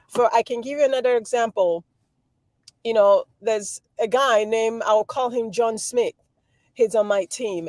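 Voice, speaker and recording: Measured woman guest, dry sound. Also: fairly high pitch, darkish tone, no echo. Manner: measured, gives examples, repeats words. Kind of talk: explanatory talk.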